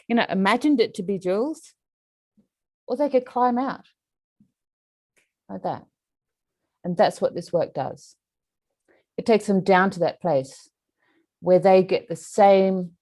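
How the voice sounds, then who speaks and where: Woman, therapist, casual chat, mellow voice, conversational storytelling. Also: mid-range voice. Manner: conversational, many fillers. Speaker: hypnosis and trauma therapist.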